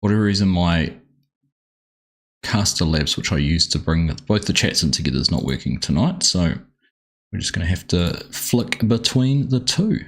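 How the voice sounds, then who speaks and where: A man's voice: sits low, big pitch swings, moderate pace. An Australian man chatting casually on a live game stream, rambling as he sets up and greeting viewers one by one.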